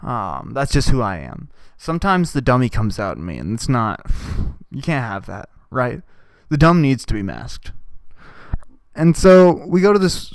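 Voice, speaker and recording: Young guy ranting on his podcast, smooth clear voice, dry close mic, cusses a lot. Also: medium pitch, no echo. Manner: profane, riffing, mock voices for quoted people. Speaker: podcast host. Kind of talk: rambling comedic monologue.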